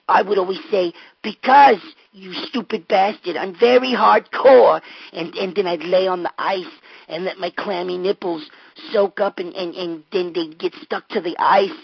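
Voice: mid-range voice, vocal fry, slightly rough, dry recording. A performer voicing a boastful male caller, a former figure skater who wants to be a wrestler, stammering and over-earnest in a comic prank call. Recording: dull lo-fi recording.

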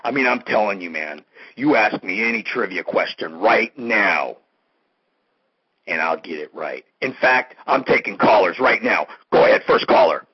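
A man's voice: lowish voice, animated, moderate pace, husky. A man hosting a comedy show, swinging from bombastic proclamations to mumbled asides. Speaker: host. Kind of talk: mock-grandiose comedic monologue. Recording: dull lo-fi recording.

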